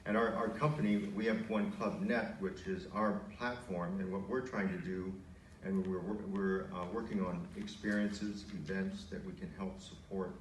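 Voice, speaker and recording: A man's voice: sits low, fairly even intonation, moderate pace. A man speaking on a conference panel in a conversational, anecdotal way. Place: large conference hall. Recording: echoey hall from far off, faint noise.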